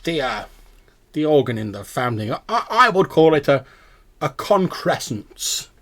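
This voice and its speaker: A man voicing a pompous owl scholar, fussy learned manner, slightly raised pitch, gravelly edge. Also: very animated, a little slow, a bit bright, heavily acted. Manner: pompous, self-assured, fussy.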